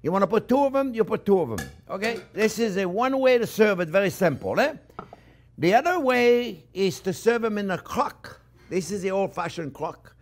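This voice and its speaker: Animated chef, higher voice. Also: male voice, normal speed, faint music behind. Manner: animated, chatty, keeps asking "okay?". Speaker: chef and cooking show host. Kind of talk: cooking demonstration.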